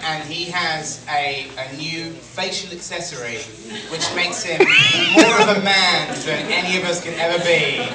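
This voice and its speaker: Stammering high-voiced man hosting a theater Q&A. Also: measured pace, heavy background noise. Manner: stammering, laughing. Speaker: event host on stage. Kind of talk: live Q&A on stage. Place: dark movie theater on stage. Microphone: handheld mic, heard from audience camera. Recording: far echoey theater, loud crowd.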